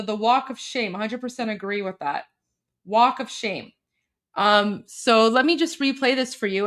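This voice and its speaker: A woman's voice: on the high side, a bit bright. Emphatic woman hosting live commentary. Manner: emphatic, repeats words, many fillers. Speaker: host. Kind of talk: live news commentary and translation.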